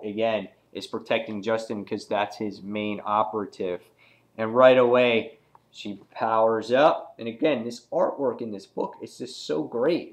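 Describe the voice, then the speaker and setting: A man hosting a casual comic book review video, talking loosely with many fillers and reading out the characters' lines in a raised voice. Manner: relaxed and rambling, many fillers, acts out quoted lines in a higher voice.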